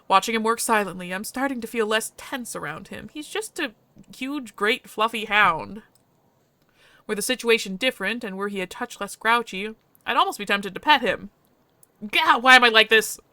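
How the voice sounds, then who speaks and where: A woman streamer reading a visual novel aloud with lively, expressive narration. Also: mid-range voice, moderate pace, no room sound.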